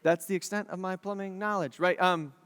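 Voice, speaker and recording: A male pastor preaching a sermon in an animated, jokey way, often acting out quotes. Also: high voice, fairly quick, clear, resonant tone, big-room sound.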